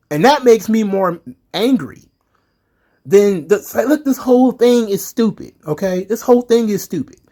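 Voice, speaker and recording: Man, fairly high voice, angry ranting commentary, profane, heated, emphatic. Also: a little mellow. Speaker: wrestling commentary vlogger.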